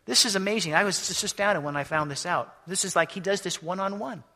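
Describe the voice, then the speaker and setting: A man preaching a storytelling sermon to a congregation, animated and acting out the scenes he describes. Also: sits high, quick pace. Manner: animated, acts out scenes in voices. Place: church or hall. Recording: echoey hall.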